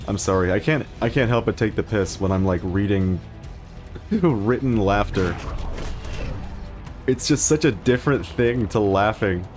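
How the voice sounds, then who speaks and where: A man's voice: lowish voice, lively intonation, unhurried, long pauses, darkish tone, soft background music. A man streaming a video game, chatting casually, laughing often and poking fun at himself. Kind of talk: casual gaming commentary.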